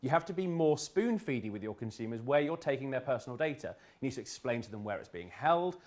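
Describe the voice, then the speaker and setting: A man from the UK giving a humorous business presentation to an audience in an event room, with quick jokes and restarts. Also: mid-range voice, big pitch swings, a little mellow. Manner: joking, quick asides, restarts. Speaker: speaker at a business talk.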